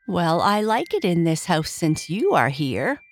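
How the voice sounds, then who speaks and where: Woman doing a gentle male toy rocking horse. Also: fairly low pitch, sing-song, a little slow, a little hiss or hum. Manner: polite, soft-spoken, thoughtful. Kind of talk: storybook reading.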